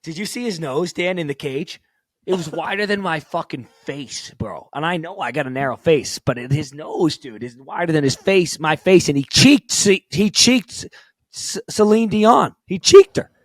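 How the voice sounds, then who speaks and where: A man's voice: a little high, normal speed, no room sound, studio quality. A man co-hosting a casual hockey podcast, brash and teasing with heavy swearing. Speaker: podcast co-host.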